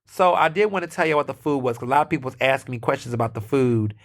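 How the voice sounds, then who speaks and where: A man's voice: mid-range voice, very fast. An American man hosting a podcast, telling a story in a chatty way, full of fillers, restarts and sassy asides. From United States. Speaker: podcast host. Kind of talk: casual solo storytelling.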